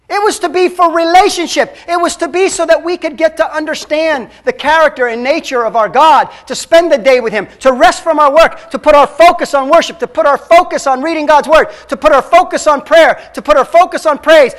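High-voiced man preaching a sermon. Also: lively intonation, normal speed. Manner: emphatic preaching that swings between loud and hushed. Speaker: pastor.

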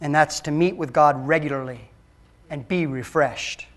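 A man preaching a sermon as a pastor, emphatic and swinging between loud and hushed. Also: fairly high pitch, moderate pace.

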